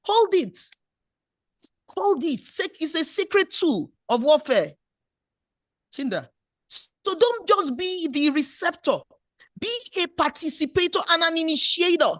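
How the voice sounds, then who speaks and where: A woman's voice: extremely high pitch, lively intonation, a little slow, a bit bright, no room sound, clean studio sound. A middle-aged woman, preaching a sermon in a playful, exhorting way. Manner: playful, exhorting preacher who acts out little scenes. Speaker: pastor.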